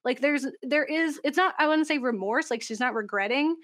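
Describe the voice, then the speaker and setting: A young woman with a high voice talks in a loose, casual podcast chat. She is animated and laughs often. Her sentences run on with likes and ums. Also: normal speed.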